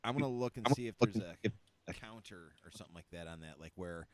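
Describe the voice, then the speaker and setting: A man's voice: low voice, fast. A man co-hosting a casual chat show, easygoing and jokey. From United States. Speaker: podcast co-host.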